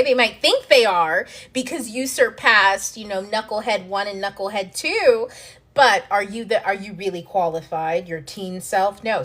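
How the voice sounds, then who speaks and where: A woman hosting a self-help video, explaining ideas in a frank, animated way, swearing freely and acting out panicked inner voices. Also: mid-range voice. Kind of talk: casual teaching monologue to camera.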